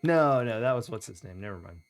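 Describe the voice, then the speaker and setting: A woman's voice: rumbling low, expressive, fairly quick, faint music behind. A woman streaming an old adventure game, making wry, amused remarks. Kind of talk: casual game commentary.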